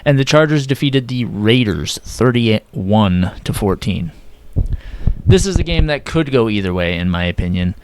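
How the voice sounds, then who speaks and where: A man's voice: fairly low pitch, measured pace, noisy background. Casual young man giving sports picks. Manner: casual, self-correcting, slightly flat delivery. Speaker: sports predictions vlogger.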